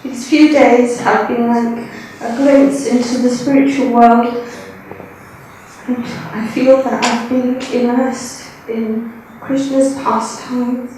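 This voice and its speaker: A woman's voice: a little high, flat delivery, darkish tone. Emotional woman in an echoey hall. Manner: emotional, halting. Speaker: devotee sharing a realization. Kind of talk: emotional personal sharing. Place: large hall at a retreat. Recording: echoey hall, distant mic, faint noise.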